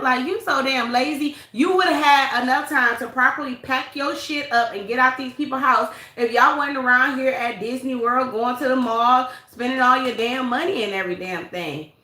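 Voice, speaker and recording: A woman's voice: a little high, pushed and bright, reverberant. A woman hosting a casual live-stream gossip commentary, blunt and sassy, greeting viewers by name. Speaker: livestream commentary host.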